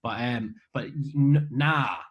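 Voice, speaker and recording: Speaking slowly in a mid-range voice, this Scottish interview guest fields fan questions on a video call with rambling, self-deprecating humor. It's a loose, casual chat picked up on a webcam, and the audio sounds dull.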